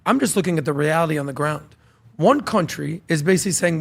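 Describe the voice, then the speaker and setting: A man's voice: fairly high pitch, quick pace, vocal fry. A man co-hosting a political talk show, arguing his points in a punchy, heated way with examples. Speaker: podcast co-host.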